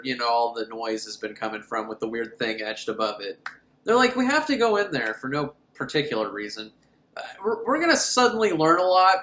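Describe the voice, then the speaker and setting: A man's voice: mid-range voice, a bit bright, echoey room. A man recapping a horror film in a sarcastic, rambling, mocking way. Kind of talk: comedic movie recap.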